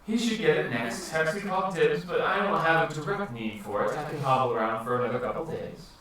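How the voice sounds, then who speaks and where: A man narrating a tabletop game as game master, in an animated way. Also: a little high, fast talker. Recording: echoey room, far from mic.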